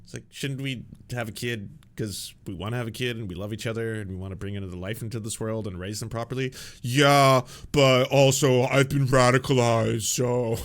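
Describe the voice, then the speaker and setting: A man's voice: on the low side, quick pace, hardly any pauses. A man hosting a podcast, giving casual reaction commentary in a profane, mocking way and laughing often. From Canada. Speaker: podcast host reacting to a clip.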